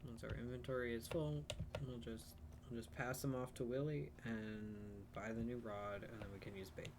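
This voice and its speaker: A man's voice: mid-range voice, normal speed, background noise. A man streaming a farming game, chatting casually and self-deprecatingly about his plans as he plays. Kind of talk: casual let's-play commentary.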